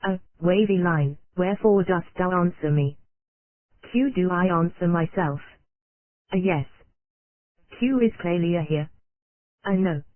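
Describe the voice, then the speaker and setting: An audiobook narrator giving a scripted reading of an old psychology text in an even, steady way that reads symbols aloud. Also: mid-range voice, measured pace, long pauses, dry recording. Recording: tinny, phone-like dry recording.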